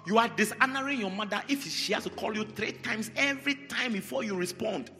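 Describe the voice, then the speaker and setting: A man preaching a sermon, animated and repetitive, calling on members of the congregation by name. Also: sits high, fairly quick. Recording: large hall reverb, faint music.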